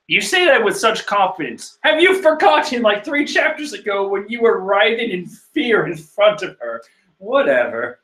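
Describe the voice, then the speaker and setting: Lively, bright-voiced man reading comics. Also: sits high, normal speed. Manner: rambling, jokey, mixes up names and corrects himself. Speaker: comic reader. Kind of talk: casual comic read-along commentary.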